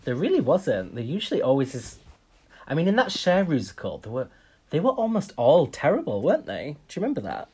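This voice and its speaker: A man's voice: a little high, wildly swooping pitch, fairly quick, mellow, slightly rough. Chatty opinionated man. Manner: chatty, opinionated, frequent ums. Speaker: podcast co-host. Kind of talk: casual chat.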